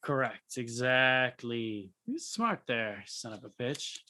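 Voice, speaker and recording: A young man with a bright, forceful voice, co-hosting a casual podcast. He rambles through stories, circling back and restarting his sentences as he goes. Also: medium pitch, very animated, takes it slowly. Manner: rambling storyteller, restarts often. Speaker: podcast co-host. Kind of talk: casual chat.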